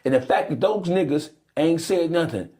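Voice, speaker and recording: A man's voice: on the high side, animated, moderate pace, mellow. A man in a played clip giving heated, profane commentary, calling people out by name. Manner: fiery, profane, calls people out.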